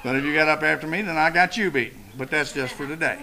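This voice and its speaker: A middle-aged man speaking at a recovery meeting podium, telling stories in a folksy, profane way with dark humor. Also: a little high, quick pace, a loud crowd.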